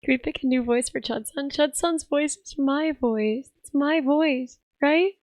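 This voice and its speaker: A young woman with a hoarse, raspy voice, chatting casually on a live stream and laughing as she reads chat. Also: sits high, measured pace, darkish tone, no echo. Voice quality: rough, raspy voice. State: hoarse, tired voice.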